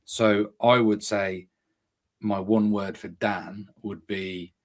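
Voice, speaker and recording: Male podcast co-host, deep and low-pitched, upbeat, teasing, laughs easily. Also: fairly even intonation, slow. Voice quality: deep, radio-style voice. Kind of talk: casual podcast chat.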